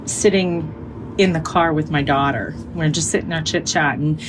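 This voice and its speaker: A woman's voice: low-pitched, normal speed, background noise. A middle-aged woman telling a vivid, emotional personal story in an interview.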